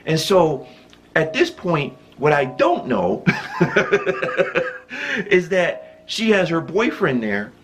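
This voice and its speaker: A man's voice: a little high, wildly swooping pitch, extremely slow, over music. A man hosting his own vlog, telling a loose, rambling story and chuckling often as he goes. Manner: loose and rambling, with many restarts and fillers. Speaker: channel host.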